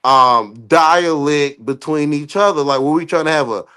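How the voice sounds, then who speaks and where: A man hosting a podcast, arguing in a heated casual debate and firing off rapid strings of "no.". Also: fairly high pitch, sharp tone, clear, resonant tone. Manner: argumentative, repeats "no" in rapid bursts. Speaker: podcast host.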